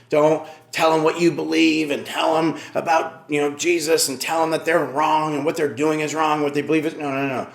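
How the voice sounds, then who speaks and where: A man's voice: fairly high pitch, vocal fry, reverberant. A male pastor, likely middle-aged, preaching a sermon and telling an earnest personal story, repeating key phrases.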